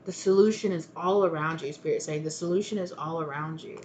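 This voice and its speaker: A woman's voice: deep voice, brisk, a little mellow, slight background noise. A woman giving a casual spoken tarot reading, rambling and chatty, with many fillers and restarts. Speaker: tarot reader.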